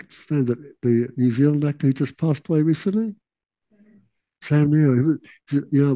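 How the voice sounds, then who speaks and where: A man giving a relaxed, casual teaching talk, with laughing asides and quotes that he acts out. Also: mid-range voice, dry recording, poor audio.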